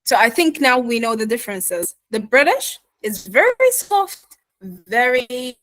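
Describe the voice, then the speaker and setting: A woman's voice: on the high side, very animated, a bit bright, no room sound, low-quality recording. Woman teaching pronunciation. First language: Arabic. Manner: repeats words slowly to model pronunciation; encouraging, checks in with students. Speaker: accent teacher. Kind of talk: online lesson.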